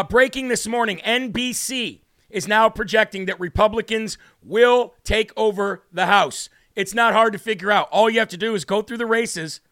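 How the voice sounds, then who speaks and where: A man's voice: sits high, fairly bright tone. A man hosting a live talk show, giving fired-up political commentary, talking straight to his viewers and reading their chat messages aloud.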